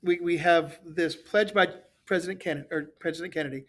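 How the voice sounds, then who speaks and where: A man's voice: on the high side, brisk, fairly bright tone. A man who teaches history, co-hosting a podcast in casual chat and often repeating words as he thinks.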